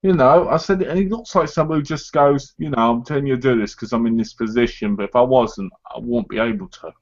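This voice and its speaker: A man's voice: medium pitch, fast talker. A man hosting a casual live chat, talking in a chatty way and acting out other people's lines as he goes. His voice sits in an ordinary middle register. The audio is dull and lo-fi, like a home stream.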